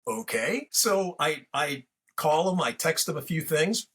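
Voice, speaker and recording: A man's voice: on the high side, expressive, measured pace, fairly bright tone, breathy edge. A man hosting a podcast, telling a story in a rambling, casual way full of fillers and restarts. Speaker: podcast host.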